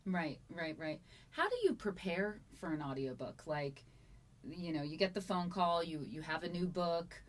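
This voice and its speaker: Lower-voiced woman interviewer. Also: expressive, normal speed. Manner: friendly, encouraging, asks follow-up questions. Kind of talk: conversational interview.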